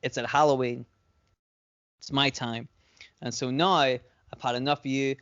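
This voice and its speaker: A gloating, menacing male villain from a horror wrestling act, as a podcaster voices him, spelling out his power in a slow and deliberate way. The recording is dry and a bit muffled. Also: mid-range voice, steady tone, a bit bright, no echo, lightly acted.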